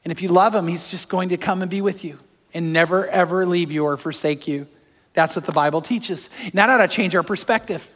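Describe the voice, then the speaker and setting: A pastor preaching a sermon to a congregation, his voice going from loud storytelling down to soft, hushed appeals. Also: high-pitched, fairly quick. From California. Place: large church hall. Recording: long hall reverb.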